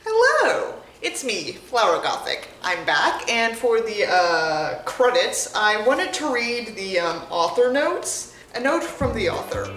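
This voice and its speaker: A woman's voice: a little high, sing-song, slow, hardly any pauses, fairly bright tone. A woman host giving exasperated, sarcastic, swear-filled commentary on a bad book. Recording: roomy echo with music behind. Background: background music.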